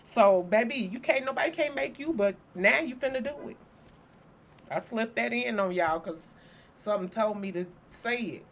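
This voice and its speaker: A woman's voice: fairly high pitch, animated, normal speed. A woman hosting a spiritual channel, talking casually and bluntly to her viewers, joking and cursing freely. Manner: blunt, profane, joking, speaks straight to viewers.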